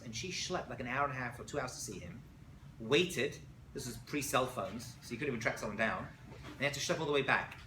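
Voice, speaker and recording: A man teaching a lively class as a rabbi, telling stories with acted-out quotes and checking in with frequent asides. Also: mid-range voice. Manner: animated storytelling with acted quotes, many "right?" asides. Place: college classroom. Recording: echoey room, faint noise.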